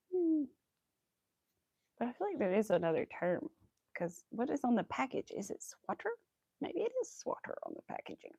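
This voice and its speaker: A young woman with a light Southern accent chats away while she crochets on a livestream. She rambles from one thing to the next and laughs a lot. Her voice has a gravelly fry, and the sound is close and dry. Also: a little high, very animated, unhurried, pauses often, dark tone, no echo, dull audio. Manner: chatty, rambling, laughs often, talks to her dog.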